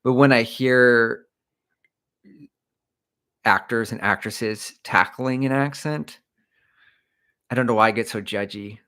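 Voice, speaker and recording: A man's voice: mid-range voice, slow pace, pauses often, bright, forceful tone, smooth. A middle-aged man and running coach, hosting a casual livestream and rambling through opinions and asides. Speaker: running coach and channel host.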